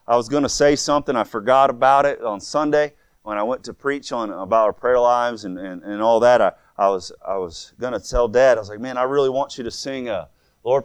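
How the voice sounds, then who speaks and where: Earnest preaching man, smooth clear voice. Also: mid-range voice, no echo. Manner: earnest, fervent, repeats words as he builds a point. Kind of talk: sermon.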